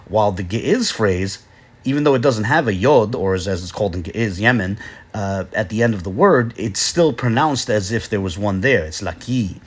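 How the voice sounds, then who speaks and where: A man narrating an explainer lesson in a measured, explanatory way, pausing often with filler sounds. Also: lowish voice, breathy edge. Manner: measured, explanatory, with frequent "uh" pauses. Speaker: video lecturer.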